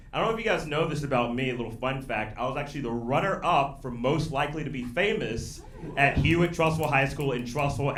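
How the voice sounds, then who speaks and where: Young male stand-up, lively pitch, slightly distant in an echoey club over a crowd. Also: noisy background. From Birmingham, Alabama. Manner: animated, punchy delivery with loud bursts. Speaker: stand-up comedian. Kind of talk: stand-up comedy set. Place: comedy club stage with audience. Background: audience laughter.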